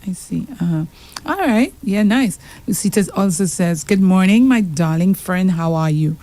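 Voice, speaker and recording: A woman's voice: on the low side, expressive, moderate pace, warm tone. A woman with a Saint Lucian accent co-hosting a radio show, reading out listener messages with frequent laughter. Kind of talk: casual radio chat.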